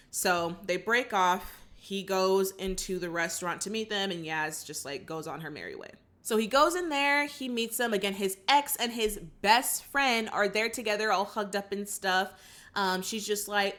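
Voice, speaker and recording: A woman chats through a movie recap with a bright, forward voice, opinionated and animated. She jumps into the characters' lines as she retells them. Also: medium pitch, normal speed. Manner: opinionated, chatty. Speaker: channel host. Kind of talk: casual movie reaction recap.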